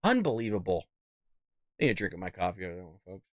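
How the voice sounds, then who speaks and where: Man, show host, blunt political rant, lively pitch, dry room. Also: a little fast, no echo. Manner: blunt, fired-up, cusses.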